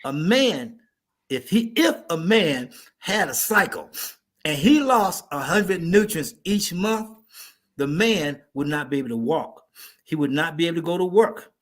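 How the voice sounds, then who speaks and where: A man speaking as a guest on a talk show, an animated storyteller who turns to address the host directly. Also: on the high side, a little slow. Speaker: natural remedies advocate, guest.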